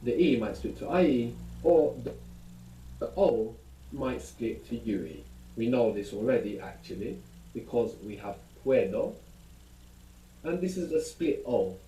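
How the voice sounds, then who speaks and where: Patient male language teacher, mellow tone, on echoey speaker playback from a distance. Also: mid-range voice, big pitch swings, a little slow, slight background noise. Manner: patient, explanatory, guiding questions. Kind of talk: recorded audio lesson. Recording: echoey audio played from a speaker across a room.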